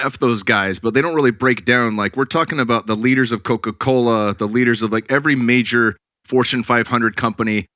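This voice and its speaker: A man's voice: mid-range voice, pushed and bright, no echo, clean studio sound. A man from the California Bay Area hosting a podcast, talking casually and bluntly and swearing freely. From California Bay Area, USA. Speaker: podcast host.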